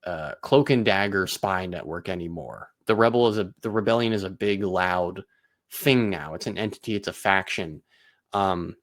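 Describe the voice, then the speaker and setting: A man's voice: low voice, normal speed, fairly bright tone, no echo. Man reviewing a series, dry close sound. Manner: analytical, talks in long explanations. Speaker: podcast host. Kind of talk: casual review discussion.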